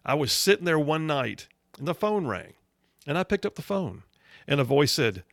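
Talk radio host, man, gravelly, folksy storyteller, dry studio sound. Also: fairly high pitch, sing-song, normal speed, no room sound.

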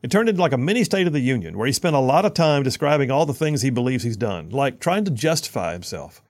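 A male talk radio host with a gravelly voice at a middling pitch. He delivers an opinionated monologue in an animated, sarcastic way, often repeating himself as he builds a point. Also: fast.

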